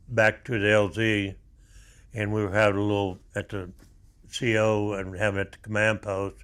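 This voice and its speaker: A man's voice: on the low side, fairly bright tone. A man, a Vietnam veteran telling war stories in a plain-spoken, rambling way. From Oklahoma. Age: 70s. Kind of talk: storytelling interview.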